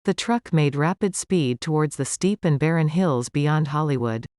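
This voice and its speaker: A man narrating a mystery audiobook in a steady storytelling manner. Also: fairly high pitch, normal speed, no echo, studio quality. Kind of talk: scripted narration.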